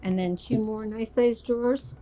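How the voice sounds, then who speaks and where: A woman's voice: a little high, steady tone, moderate pace, dark tone, a little hiss or hum. A woman presenting a walk-through tour inside a motorhome, upbeat and chatty like an enthusiastic salesperson. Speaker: RV sales expert giving a tour.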